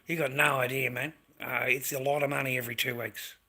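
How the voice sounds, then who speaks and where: An Australian man delivers a heated live-stream rant, peppered with swearing and repetition. His voice is bright and sharp, set at a middle pitch. He argues straight at his viewers, snapping back at their comments. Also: little pitch movement, brisk. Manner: aggressive, profane, repetitive, talks back to chat. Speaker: livestreamer.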